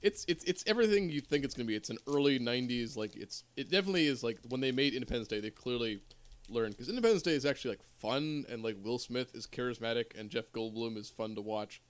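Male co-host, mid-pitched everyday voice, opinionated, halting and rambling. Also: clean tone. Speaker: podcast co-host. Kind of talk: casual chat.

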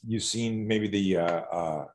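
A man who coaches fighters, telling stories in a loose, animated conversation, swearing now and then and restarting his sentences. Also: fairly low pitch, slow pace. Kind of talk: casual podcast conversation.

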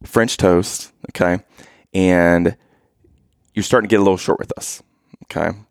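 A man's voice: low-pitched, steady tone, a little slow, creaky, clear, resonant tone, no room sound, clean studio sound. A man in his thirties telling a playful, teasing family story to his listeners. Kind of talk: casual storytelling to camera.

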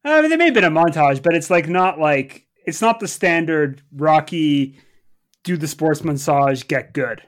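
A man with a fairly high voice talks casually on a sports podcast. He is opinionated, yet he hedges and restarts his sentences often. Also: expressive, no echo, clean studio sound. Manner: opinionated, hedging, halting restarts. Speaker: podcast co-host. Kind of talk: casual chat.

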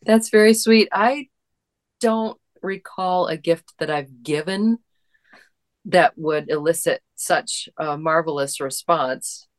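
A married woman in a casual conversation, sharing a personal memory in an earnest, gentle way. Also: sits low, takes it slowly. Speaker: guest in a conversation. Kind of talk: casual reflective chat.

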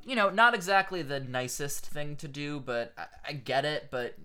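A man co-hosting a podcast, telling a story in a chatty, animated way. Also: fairly high pitch, clear, resonant tone. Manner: animated, chatty, quick asides. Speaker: podcast co-host. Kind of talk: casual storytelling chat.

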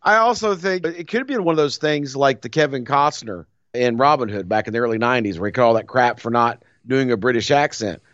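A man talks movies in a lively, joking way, often dropping into quick mock voices. His voice sits mid-range. The recording is dry and a little dull. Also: mid-range voice, no room sound. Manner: animated, slips into mock voices and laughs. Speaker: podcast co-host. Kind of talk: casual chat. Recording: dry, slightly dull audio.

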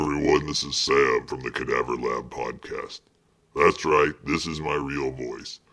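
A man calling in a voicemail, putting on a crude, boastful, mock-seductive deep voice. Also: sharp tone, heavily acted. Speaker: voicemail caller.

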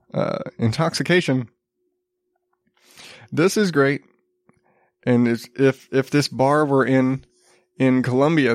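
A man's voice: mid-range voice, no echo. A man in his thirties, a podcast host talking casually about news stories, rambling with wry asides and chuckles, a little sick. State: slightly sick, coughing.

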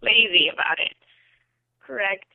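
Deadpan co-host over a tinny line. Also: medium pitch, unhurried, gravelly, dry recording. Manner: dry, deadpan quips. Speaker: podcast co-host. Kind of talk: casual chat.

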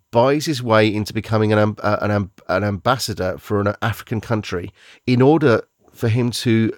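A man's voice: lowish voice, no echo, studio quality. A man hosting a podcast, reviewing films in casual, rambling chat, often restarting and searching for words.

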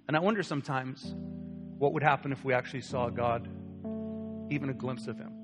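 A young man preaching, telling a personal story with lively acted-out voices. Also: medium pitch, a little fast. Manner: animated storyteller acting out quoted voices. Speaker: pastor. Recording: long hall reverb with soft guitar.

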